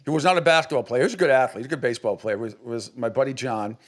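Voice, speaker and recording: Speaking very fast at medium pitch, a middle-aged sports radio host from New England spins a meandering tale. He keeps starting over and performs the quoted lines, in a casual storytelling style.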